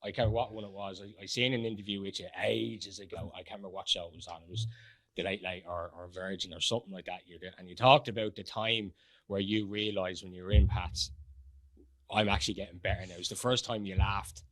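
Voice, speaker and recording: A man's voice: low-pitched, little pitch movement, fast talker, fairly bright tone, low-quality recording. A man with an Irish accent hosting a podcast, asking questions in a casual, hesitant way with many restarts. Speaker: podcast host. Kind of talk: interview chat. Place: podcast studio.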